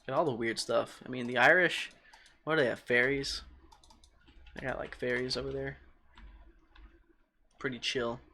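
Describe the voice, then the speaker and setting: Young man, casual game streamer, mid-pitched, loose and joking, with soft keyboard noise behind. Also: fairly even intonation, normal speed, long pauses. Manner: rambling, jokey, often quiet. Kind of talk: casual gaming stream commentary.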